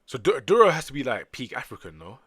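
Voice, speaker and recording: A young man streaming, reading manga aloud and chatting casually, bursting into loud excited exclamations. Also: medium pitch, fast talker, breathy edge, dry recording, clean studio sound.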